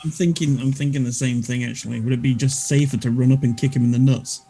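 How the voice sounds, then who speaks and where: A man playing a tabletop game, giving short, lively replies. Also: medium pitch, quick pace, slightly rough. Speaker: player. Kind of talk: casual tabletop play.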